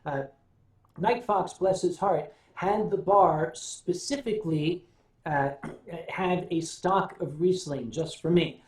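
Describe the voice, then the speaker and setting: A man's voice: high voice, slow. Wry older American man in a roomy echo. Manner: rambling, wry storyteller with musing hums. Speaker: livestream host. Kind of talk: casual livestream chat answering viewers.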